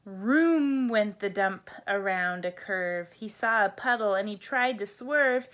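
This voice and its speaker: A woman, a teacher, reading a children's bedtime picture book aloud in a gentle sing-song way. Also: mid-range voice, lively intonation, slow pace. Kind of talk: children's storybook read-aloud.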